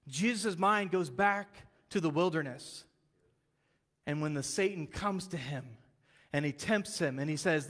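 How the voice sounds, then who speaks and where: High-voiced man preaching in a hall. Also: normal speed. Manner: animated storytelling, casual slang, acts out quotes. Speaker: pastor. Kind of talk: sermon. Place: church sanctuary.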